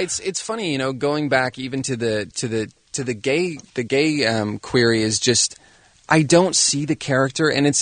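A thoughtful man from Canada talks as a guest actor in a radio studio interview. His voice sits in a middle pitch, and he lays out his points at length with articulate care. The sound is close and dry. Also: a bit bright, no room sound.

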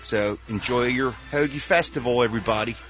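Playful bright-voiced male radio host. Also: medium pitch, fairly quick, soft background music. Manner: playful, teasing, animated delivery. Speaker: showbiz news host. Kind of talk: casual morning radio chat.

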